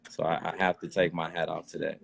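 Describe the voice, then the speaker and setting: A man, a guest dancer, giving thanks in a casual, halting way with many fillers. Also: low voice, monotone, vocal fry, a bit bright, no room sound.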